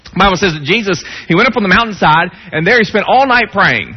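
A man preaching a sermon, dropping to hushed low tones and rising to raised pleading. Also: expressive, fast talker, husky. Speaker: pastor. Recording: dull lo-fi sound with long hall reverb.

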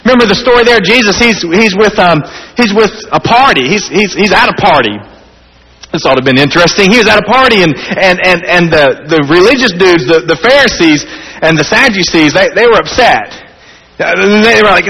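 A man preaching a sermon in a church, earnest, rising high and animated then dropping soft and intimate. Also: brisk, slightly rough, in a large hall, rough recording. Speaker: pastor.

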